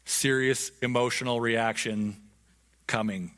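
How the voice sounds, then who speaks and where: A man's voice: medium pitch, fairly even intonation, slow pace, fairly bright tone. A man teaching a Bible lesson in a casual, conversational way, often checking in with his listeners.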